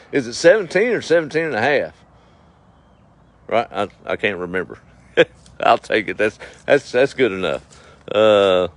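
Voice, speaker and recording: A middle-aged man, hosting a casual outdoor livestream and reading viewer comments in a folksy, drawling way with frequent chuckles. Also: lowish voice. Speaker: livestream host. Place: outdoors at dusk. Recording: faint outdoor noise with passing vehicles.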